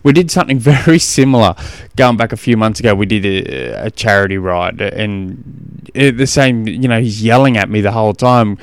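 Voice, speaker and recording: A man's voice: fairly low pitch, lively intonation, normal speed, hardly any pauses, clear, resonant tone, dry recording. A middle-aged Australian man hosting a podcast, telling stories in a rambling, casual way with lots of restarts. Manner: rambling storytelling with self-corrections and laughs. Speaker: podcast host and coach. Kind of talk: casual chat.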